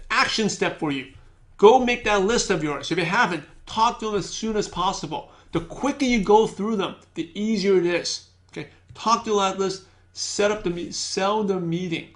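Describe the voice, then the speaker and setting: A man teaching a sales training, energetic, repeating key points and acting out sample phone calls. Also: sits high. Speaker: business trainer.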